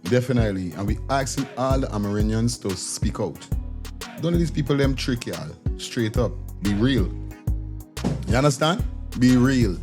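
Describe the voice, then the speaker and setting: An emphatic man hosting a commentary channel, addressing viewers in a loose conversational way. He keeps returning to the same stock phrases. Loud music plays underneath him throughout. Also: mid-range voice, expressive, normal speed. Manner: emphatic, repeats "definitely" and "you understand". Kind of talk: casual news commentary to viewers. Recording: music playing loudly underneath. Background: background music.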